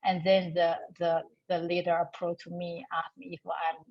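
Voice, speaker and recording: Halting woman on a muffled call. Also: lowish voice, completely flat delivery. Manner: halting, many fillers, laughs often. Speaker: parent educator at a nonprofit. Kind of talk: video call introduction. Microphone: video call.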